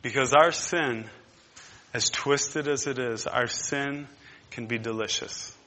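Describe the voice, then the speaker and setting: Bright-voiced impassioned preacher man. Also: mid-range voice, slow pace, in a large hall. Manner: impassioned, swinging from hushed to loud; repetitive, emphatic. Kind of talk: sermon.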